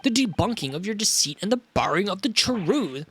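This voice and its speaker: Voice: mid-range voice, sing-song, a little fast, a bit bright, breathy edge, no echo, heavily acted. A streamer putting on a smug posh detective. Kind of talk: reading game dialogue aloud on stream.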